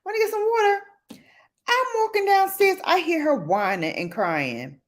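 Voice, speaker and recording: Lively, animated woman chatting casually. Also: very high-pitched, moderate pace. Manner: animated, playful, slangy, acts out quotes. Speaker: livestream host. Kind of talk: casual late-night chat with live viewers.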